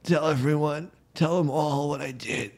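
A man's voice: fairly high pitch, steady tone, normal speed, creaky, a little mellow, pitched above the performer's own voice. A man voicing a dazed, stoned male snail factory worker who talks in a dopey, panicky way. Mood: dying, wistful.

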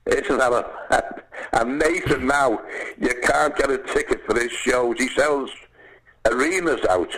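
A man with a Liverpool accent, an actor chatting and telling lively stories, acting out other voices and calling people "lad". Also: medium pitch, a little slow, breathy edge, rough recording. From England. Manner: animated storyteller, acts out voices, says "lad". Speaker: actor and guest. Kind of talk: casual chat, storytelling.

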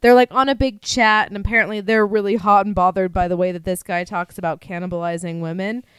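A woman telling a crime story in a loose, profane way, laughing between lines. Her voice is smooth and clear, in a dry room with no echo. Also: mid-range voice, fairly even intonation, fast, fairly bright tone. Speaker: podcast co-host. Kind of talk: casual true-crime chat.

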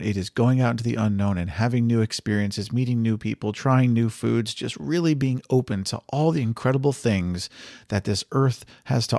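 A man's voice: lowish voice, gravelly, darkish tone, no room sound, studio quality. A man hosting a travel podcast, telling a story in an earnest, reflective and encouraging way. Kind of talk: storytelling monologue.

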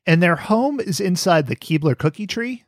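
Animated man recapping a cartoon. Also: sits high, moderate pace, no echo, clean studio sound. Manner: animated storytelling, laughs often. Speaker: podcast host. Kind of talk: casual cartoon recap chat.

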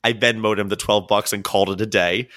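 A man hosting a podcast, telling a story about a bet in a wry, deadpan way. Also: fairly low pitch, fairly quick. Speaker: podcast host. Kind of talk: casual storytelling chat.

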